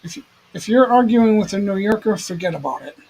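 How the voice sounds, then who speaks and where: A man's voice: sits high, expressive, brisk, a little mellow, slight background noise, low-quality recording. A man hosting a livestream in casual chat, rambling and repeating himself. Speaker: livestream host.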